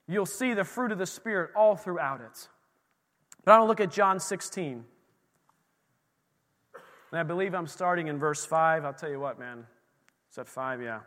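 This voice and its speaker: A man's voice: fairly high pitch, normal speed, long pauses, fairly bright tone. A middle-aged man preaching a sermon to a church congregation. He talks in a loose, conversational way and acts out little scenes of dialogue. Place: church sanctuary. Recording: long hall reverb.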